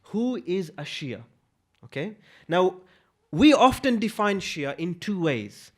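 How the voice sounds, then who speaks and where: A man delivering a religious lecture, posing one rhetorical question after another. His voice sits high and swings widely in pitch. He presses his points with emphasis. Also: sing-song, slow.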